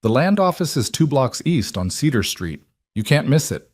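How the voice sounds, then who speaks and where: A man voices a cruel, snobbish society woman in a frontier town, haughty, mocking and cold, pitching his medium voice above his own natural register. The performance is very animated at a moderate pace, recorded cleanly in a studio with no room sound.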